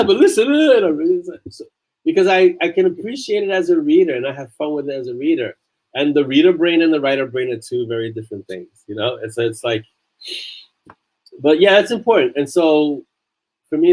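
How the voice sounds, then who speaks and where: Male author-host, casual chat, earnest and emphatic, average pitch. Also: darkish tone, low-quality recording. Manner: earnest, repeats phrases for emphasis. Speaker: author hosting a livestream chat.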